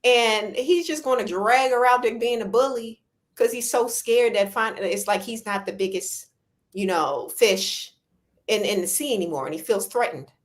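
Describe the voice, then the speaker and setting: A woman's voice: on the high side, moderate pace. A woman guest in a casual live-stream chat, talking eagerly and with feeling. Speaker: guest panelist. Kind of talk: casual show recap chat.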